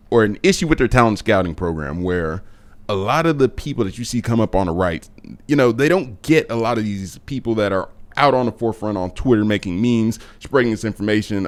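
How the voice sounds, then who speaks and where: A man, a guest commentator, explaining his views at length in a casual podcast chat. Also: lowish voice. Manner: talks in long, explaining stretches.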